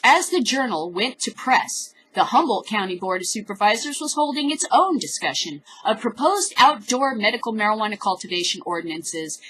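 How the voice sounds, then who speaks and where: A woman's voice: medium pitch, a bit bright, slight background noise, rough recording. A woman hosting a cannabis news show, reading news stories aloud and breaking off into profane, furious, sarcastic rants. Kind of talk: reading news with angry commentary.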